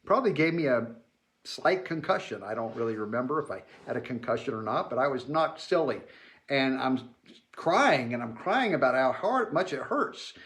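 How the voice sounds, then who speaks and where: A man's voice: medium pitch, expressive, moderate pace, a bit bright. A man from Georgia in the US South telling his childhood memories in a plainspoken, reflective way with homey asides. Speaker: memoir storyteller. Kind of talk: spoken personal memoir.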